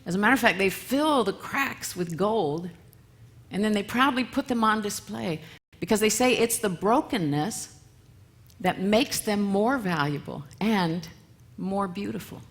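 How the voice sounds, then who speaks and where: A woman giving a church talk, telling a story in a lively, self-mocking way with frequent laughs. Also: mid-range voice, unhurried. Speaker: guest speaker and musician.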